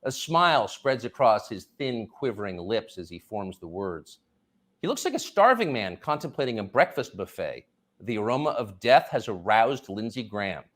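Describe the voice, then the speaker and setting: A man's voice: lowish voice, very animated, moderate pace, fairly bright tone. Man with a wildly swinging sarcastic delivery. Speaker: commentary host. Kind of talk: sarcastic political monologue.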